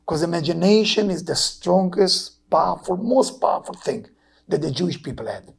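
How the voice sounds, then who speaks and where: Gravelly, husky older Israeli man preaching. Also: lively intonation, normal speed. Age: 60s. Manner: emotional, swinging from loud urging to low hushed tones. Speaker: Kabbalah teacher. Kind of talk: impassioned sermon.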